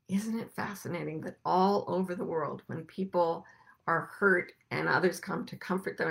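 A woman with a low, gravelly voice gives an unhurried spiritual talk to a group. She speaks softly and thoughtfully, at times dropping into hushed, breathy shushing. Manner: soft-spoken, drops to hushed shushing whispers. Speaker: podcast host and teacher.

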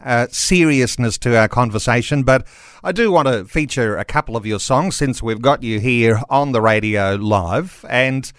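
A man hosting a live radio show, his voice mid-pitched and dry in a close studio mic. He asks long, rambling questions, stopping often to hesitate before pressing on. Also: normal speed, fairly bright tone, no room sound. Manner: rambling questions with many uh fillers. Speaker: radio host. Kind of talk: radio interview.

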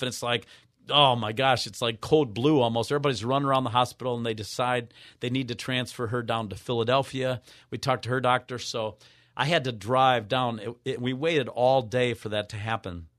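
A man of mature years, a radio show guest, earnestly telling a personal story with halting restarts. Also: medium pitch, fairly bright tone, no room sound, studio quality. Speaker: guest, author.

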